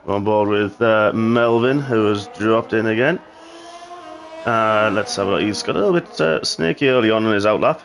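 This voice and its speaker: A man's voice: on the low side, moderate pace, vocal fry, slight background noise. A man doing live sim racing commentary as the host, upbeat and joking with his co-hosts. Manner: upbeat, jokey banter with co-hosts. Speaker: esports race commentator.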